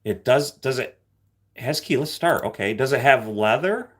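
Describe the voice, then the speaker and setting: Animated man hosting a casual live stream. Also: medium pitch, normal speed. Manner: joking, teasing, animated, often slips into loud playful bursts. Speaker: livestream host.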